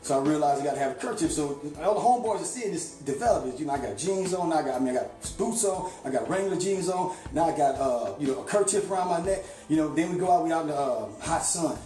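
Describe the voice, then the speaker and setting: A man from St. Louis telling a long, rambling story in a casual, animated way, with lots of "you know.". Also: on the high side, fast, hardly any pauses, reverberant, soft background music. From St. Louis, USA.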